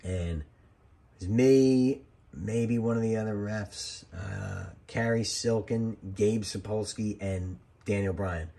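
A man's voice: on the low side, takes it slowly, gravelly, mellow. A man, a former wrestling referee, giving casual, rambling commentary over old match footage and drifting into jokey side stories.

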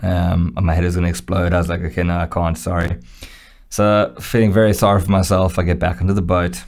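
A young man co-hosting a podcast, telling a story in a casual chat, animated, acting out quotes and laughing often. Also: sits low, brisk. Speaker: podcast co-host.

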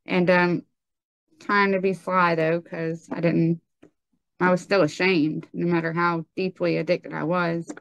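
A young woman telling her personal testimony in conversation, halting and full of ums and likes. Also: fairly low pitch, little pitch movement, gravelly, smooth, no echo, highs cut off.

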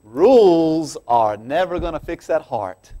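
Emphatic preaching man, slightly high voice. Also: animated, unhurried. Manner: swings from quiet asides to loud emphatic preaching; laughs between lines. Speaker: pastor. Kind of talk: sermon. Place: church.

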